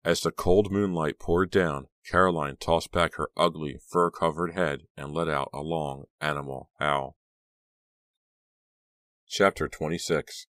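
A man with an extremely deep voice narrates a horror audiobook. His reading is steady and dramatic. The sound is dry and close-miked, with almost no room echo. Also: a little slow.

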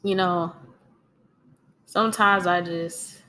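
A woman's voice: fairly low pitch, steady tone, slow pace. A woman giving an earnest, encouraging devotional talk while tearful and crying a little. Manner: earnest and encouraging, with soft laughs. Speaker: speaker sharing faith.

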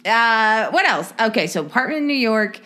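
Brief: woman co-host from California, casual chat, rambling and giggly, very lively swooping pitch. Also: normal speed. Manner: rambling and giggly, thinks out loud. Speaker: podcast co-host.

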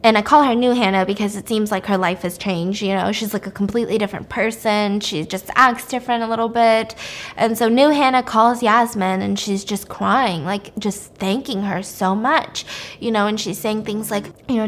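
A woman hosting a podcast, casually retelling a movie's plot in a chatty, animated way. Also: medium pitch, normal speed. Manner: chatty, animated storytelling with quoted voices. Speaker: podcast host.

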